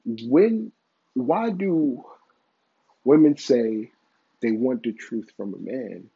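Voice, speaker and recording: Blunt, husky-voiced man giving commentary. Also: mid-range voice, lively intonation, slow, narrow, tinny audio. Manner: blunt, profane, opinionated. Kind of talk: casual opinion commentary.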